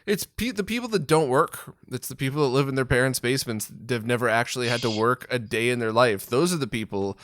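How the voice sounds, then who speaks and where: A man's voice: mid-range voice, fairly quick, few pauses, fairly bright tone, dry recording, clean studio sound. A man hosting a casual interview as a retro gaming video creator, talking frankly and animatedly and swearing freely. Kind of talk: casual conversation.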